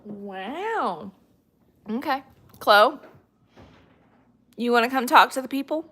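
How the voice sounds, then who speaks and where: A woman's voice: a little high, lively intonation, slow, bright, forceful tone, slightly rough. A woman hosting a casual livestream at home, chatting to viewers and talking fondly to her dogs. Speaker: livestream host.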